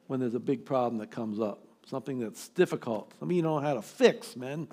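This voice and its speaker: A man in his sixties, a pastor, preaching an emphatic, exhorting sermon with dramatic pauses. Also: fairly high pitch, lively intonation, a little mellow. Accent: American. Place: church sanctuary.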